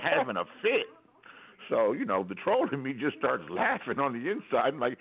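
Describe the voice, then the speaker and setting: A man's voice: medium pitch, animated, fairly quick, creaky, slightly rough. An American man telling a rambling, wry story as a caller on a call-in radio show, with many restarts. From United States. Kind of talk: casual storytelling on talk radio. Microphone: telephone. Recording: tinny phone line.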